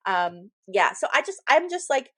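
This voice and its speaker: A woman co-hosting a podcast as a medium, chatting casually and telling stories with lively acted-out quotes. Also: mid-range voice, normal speed, dry recording. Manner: animated storytelling, acts out quoted people. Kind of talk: casual chat.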